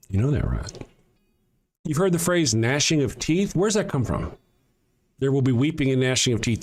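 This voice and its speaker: A man's voice: mid-range voice, slight background noise. A man hosting a livestream, answering chat sarcastically and reading out verses in casual commentary. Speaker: livestream host.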